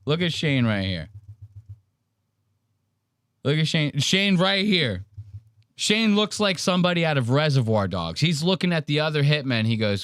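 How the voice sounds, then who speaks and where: A man's voice: on the high side, moderate pace, pauses often, no room sound, studio quality. A man hosting a podcast, casually commenting on clips, swearing freely and acting out the people he quotes. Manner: animated, profane, acts out quotes in varied voices. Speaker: podcast host.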